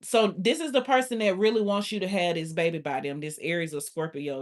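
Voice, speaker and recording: A woman's voice: lowish voice, fairly quick. A woman giving a casual spoken tarot reading, blunt and profane, with constant filler "like". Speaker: tarot reader.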